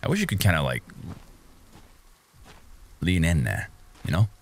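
In a deep, creaky voice with huge pitch swings, this young man streams a horror game at a measured pace. He's jumpy, muttering to himself and letting out yelps and gasps at each scare.

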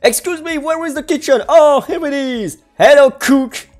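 A woman giving playful gameplay commentary, bubbly and quick to exclaim, giggle and hum little tunes. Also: high-pitched, darkish tone, soft background music. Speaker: gaming video creator.

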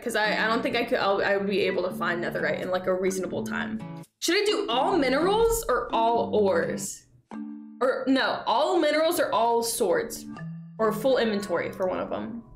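Excitable high-voiced woman streamer. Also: reverberant. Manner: excitable, exclamatory, swears a lot. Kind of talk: casual live-stream gameplay commentary.

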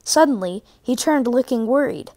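A woman reading a children's storybook aloud in a clear, even manner. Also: a little high, normal speed. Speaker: storybook reader.

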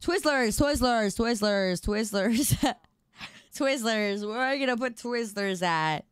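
A woman's voice: a little high, slow, smooth, no echo, clean studio sound. A woman streamer chatting playfully with her viewers, repeating words in a sing-song drawl. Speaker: livestreamer. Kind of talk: casual live-stream chat.

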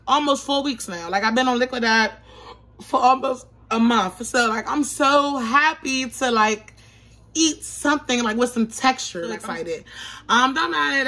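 A young woman talking excitedly in a casual vlog from her home kitchen, chatty and constantly addressing viewers as "y'all". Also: fairly high pitch. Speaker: vlogger.

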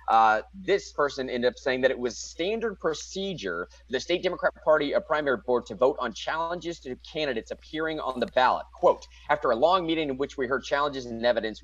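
An excitable man co-hosts a casual political talk show, slangy and quick to react as he reads news items aloud. His voice sits at a middling pitch. The sound is dull and lo-fi, with a dry, close feel. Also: no echo. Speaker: podcast co-host.

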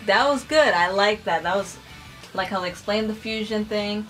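A young woman hosting a casual reaction video, talking excitedly, swearing freely and saying "like" a lot. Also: medium pitch, normal speed, faint music behind, rough recording. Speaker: reaction channel host. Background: anime episode audio playing.

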